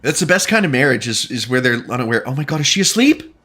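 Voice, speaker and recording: Lively, bright-voiced joking male streamer. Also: mid-range voice, quick pace. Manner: joking, chatty, laughs often. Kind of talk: casual gaming commentary.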